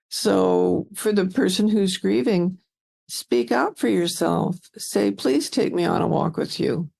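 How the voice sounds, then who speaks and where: Podcast host, heavy vocal fry, warm dark timbre, earnestly recaps the guest. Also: mid-range voice. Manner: earnest, affirming, sums up the guest's points. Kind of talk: supportive interview talk.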